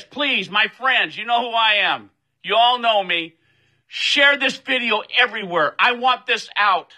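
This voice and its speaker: A man's voice: sits high, animated, a little slow, pushed and bright, rough recording. A furious man ranting to his social media followers, swearing often and demanding that his video be shared. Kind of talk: angry profane rant to camera.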